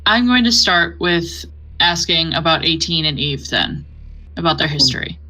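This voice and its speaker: A woman's voice: low-pitched, expressive, moderate pace, sharp tone, low-quality recording. A woman playing a tabletop game, thinking aloud and planning the next move. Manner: thoughtful, planning aloud, laughs often. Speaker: player. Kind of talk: casual tabletop play.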